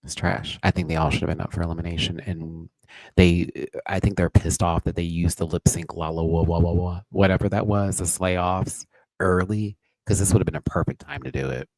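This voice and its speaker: A man hosting a live review show, ranting bluntly and with swearing, his voice swinging from quiet mutters to loud high outbursts. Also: little pitch movement, a little fast, no echo, rough recording. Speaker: drag race reviewer and channel host.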